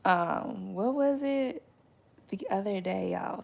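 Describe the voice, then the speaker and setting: Young woman vlogger, gravelly vocal fry, chatty storyteller who laughs a lot and jumps high when quoting. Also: takes it slowly. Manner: chatty, animated, laughing, swings into high excited quotes. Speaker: vlogger and mother. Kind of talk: casual storytelling to viewers.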